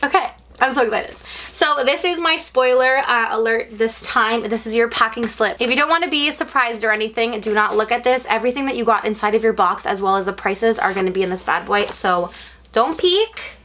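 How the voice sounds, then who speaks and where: A woman talking casually in an unboxing vlog from her bedroom, gushing, excitable and rambling. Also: fairly high pitch, brisk. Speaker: unboxing vlogger.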